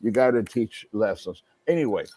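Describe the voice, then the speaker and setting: A man from Cuba, a guest in casual chat, telling a story in an animated way with Spanish words mixed in. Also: fairly low pitch, normal speed, slight background noise.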